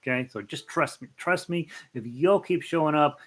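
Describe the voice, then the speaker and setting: A man's voice: on the high side, normal speed, fairly bright tone. A middle-aged man, a ukulele teacher hosting a live stream, chatting casually and greeting viewers by name, rambling with many fillers. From United States.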